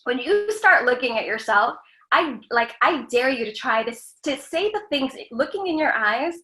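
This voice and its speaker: A woman with a bright, high speaking voice talks openly and earnestly as a guest, offering self-help advice. Her words carry a roomy echo around them. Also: animated, normal speed. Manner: earnest, frank, lightly profane. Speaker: guest, screen actress. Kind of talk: candid self-help talk.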